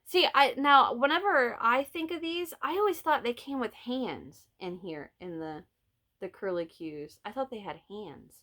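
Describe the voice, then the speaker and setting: A middle-aged woman with a Southern Illinois accent tells a story in a relaxed vlog chat and laughs often. Her voice is bright and a little high. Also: measured pace. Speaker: vlog host, crocheter. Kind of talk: casual chat.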